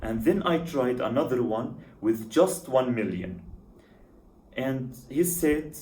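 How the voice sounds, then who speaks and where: A man's voice: mid-range voice, lively intonation, takes it slowly, a little mellow. A man giving scripted voice-over commentary in a wry, sarcastic manner. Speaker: YouTube commentator. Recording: echoey room.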